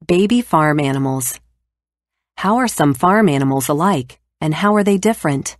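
Low-pitched female narrator for a kindergarten lesson, clear and steady. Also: normal speed. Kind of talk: educational read-aloud for kindergarten.

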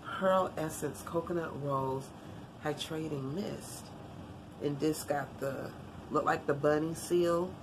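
Woman, low voice, congested, chatty unboxing vlog, says y'all a lot. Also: slow pace, background noise. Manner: chatty, animated, Southern-style "y'all" talk. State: congested, tires easily. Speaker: vlogger. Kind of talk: casual unboxing chat.

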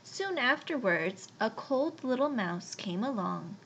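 A woman reading a children's storybook aloud in a gentle, unhurried way. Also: fairly high pitch, sing-song, a little hiss or hum.

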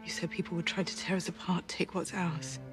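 An actress playing a proud, bitter royal mother who is grieving, speaking in hushed, breathy whispers. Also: lowish voice, little pitch movement, brisk, over music, close to an everyday voice.

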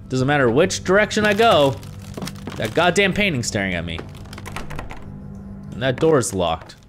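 A young man giving jokey, animated commentary while playing a horror video game, often swearing as he reacts. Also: fairly high pitch. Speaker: gaming YouTuber. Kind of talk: let's play commentary.

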